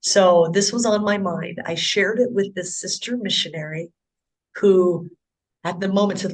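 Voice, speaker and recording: A woman's voice: mid-range voice, fairly even intonation, unhurried. A woman telling her conversion story in an interview, earnest and emotional, often repeating and restarting her words. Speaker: interview guest. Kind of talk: personal conversion testimony.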